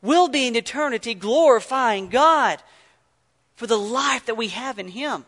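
A man preaching an earnest sermon, telling stories and swinging from loud emphasis to near-whisper. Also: very high-pitched, animated, unhurried, big-room sound. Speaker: pastor.

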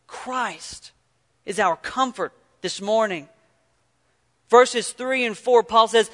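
A man preaching an earnest sermon, telling stories and swinging from loud emphasis to near-whisper. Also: high-pitched, slow pace, long pauses, in a large hall. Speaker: pastor.

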